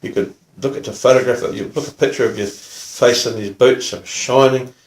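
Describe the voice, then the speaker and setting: An older man with a New Zealand accent, a retired police officer telling stories in a relaxed, casual way. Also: medium pitch, fairly quick, echoey room. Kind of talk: casual storytelling.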